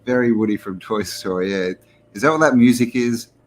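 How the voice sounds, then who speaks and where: A man's voice: medium pitch, fairly quick, slight background noise. An Australian man hosting a casual live stream. He rambles, chuckles and greets viewers by name. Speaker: host.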